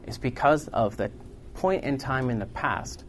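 A man preaching a sermon to a congregation in a room, earnest and building to loud, emphatic peaks. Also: medium pitch, measured pace, slight background noise.

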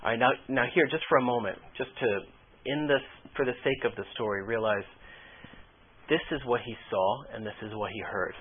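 A man's voice: medium pitch, moderate pace, slight background noise. A man preaching a sermon, reading scripture aloud and explaining it in an earnest, repetitive way. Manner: earnest, explanatory, repeats key phrases. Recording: tinny phone-like radio line.

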